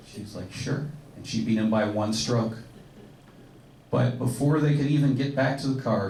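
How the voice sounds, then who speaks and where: A man doing a stand-up comedy set on a comedy club stage, telling jokes in a laid-back, deadpan way. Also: medium pitch, a little hiss or hum. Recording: echoey club from far off with faint ambience.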